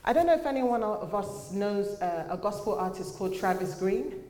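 A woman's voice: mid-range voice, expressive, normal speed, warm tone. Woman preaching in an echoey church hall. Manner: earnest, conversational preaching with fillers. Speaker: church speaker. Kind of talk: sermon.

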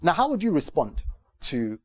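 A man preaching a sermon to a gathering, animated, moving from hushed tones to loud emphatic questions. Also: a little high, moderate pace, no room sound, studio quality. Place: church gathering.

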